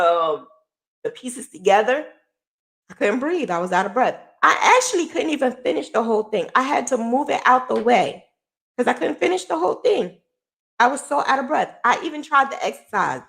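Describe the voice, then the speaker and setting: A woman's voice: mid-range voice, gravelly. A middle-aged woman hosting a podcast, telling her own story in a candid, emotional way and swearing freely. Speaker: podcast host. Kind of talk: personal storytelling.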